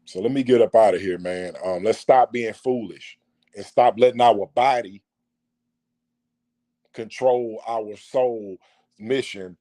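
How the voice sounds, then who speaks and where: A man's voice: fairly low pitch, slow, pauses often, dark tone. A man delivering a preachy monologue, full of rhetorical questions and repetition. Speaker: vlogger.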